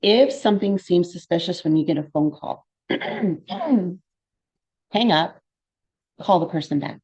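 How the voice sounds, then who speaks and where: A woman's voice: on the low side, expressive, slow pace, darkish tone, breathy edge. A woman presenting a live-streamed safety training, speaking in an earnest, warning way with fillers and asides. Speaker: trainer giving a free online safety session.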